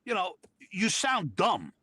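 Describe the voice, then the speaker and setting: A man's voice: high voice, wildly swooping pitch, slow pace, pushed and bright, husky, no echo. A man from Georgia co-hosting a casual livestream chat, profane, blunt and combative. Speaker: co-host.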